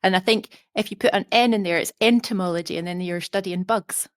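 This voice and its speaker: A woman's voice: medium pitch, brisk, no room sound, clean studio sound. A woman joining a casual chat with playful wordplay.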